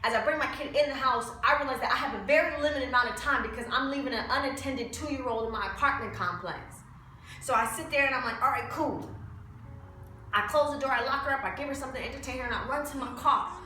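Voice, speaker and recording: A young woman telling a heartfelt personal story, close to tears, moving between hushed and loud, pleading passages. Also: high voice, fast talker, heavy reverb, distant mic, slight background noise. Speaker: vlogger.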